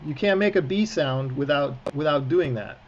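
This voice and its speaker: The recording is muffled with slight background noise, and the cantor's voice sits on the high side at a moderate pace. Teaching prayer book reading to a video-call class, he stays encouraging and talkative, adding joking asides.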